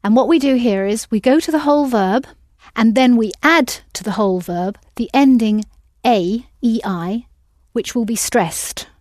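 A woman's voice: a little high, a little slow, few pauses, a little mellow, no echo, studio quality. A woman teaching an audio language lesson, patiently prompting and correcting her students.

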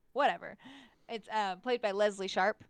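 A woman's voice: mid-range voice, a little slow, clean tone, no room sound. A woman co-hosting a casual movie podcast, often hesitating and stumbling over names while laughing. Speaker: podcast co-host. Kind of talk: casual chat about a movie.

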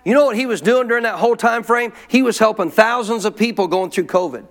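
A man's voice: high voice, fast talker, fairly bright tone. A man preaching a sermon in an emphatic way, repeating his points and calling for amens from the congregation.

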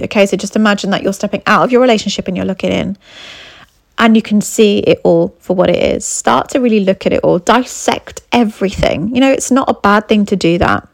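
A woman's voice: medium pitch, vocal fry, dry recording, studio quality. A woman, a coach giving earnest advice to camera, repeating her key points and checking in with the listener. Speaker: confidence coach and abuse recovery mentor.

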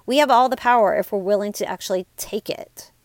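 In a dry recording, a woman in her forties who works as a life coach talks a little fast in a medium-pitched voice on her motivational podcast. She keeps it casual, upbeat, and chatty, frequently calling her audience "you guys."

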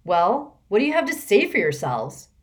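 A woman's voice: medium pitch, sing-song, unhurried, a little mellow. A woman voicing a haughty, scheming teenage girl enforcer who sneers and snarls at the children.

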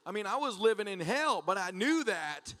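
A male pastor delivers a sermon at a church service, laughing as he tells stories and acting out conversations with animated energy. His voice sits high and his pace is moderate.

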